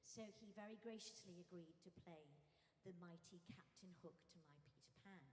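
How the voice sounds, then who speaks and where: An older woman giving an anecdotal tribute speech at a memorial service, telling stories in a lively way and acting out moments. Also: fairly low pitch, fairly quick, slight background noise. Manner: animated storyteller who acts out moments. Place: large church. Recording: echoey church hall with faint music.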